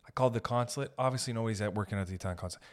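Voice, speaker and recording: Profane ranting man. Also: on the low side. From Canada. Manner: profane, heated ranting with quick acted quotes. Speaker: podcast host. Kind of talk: ranting podcast monologue.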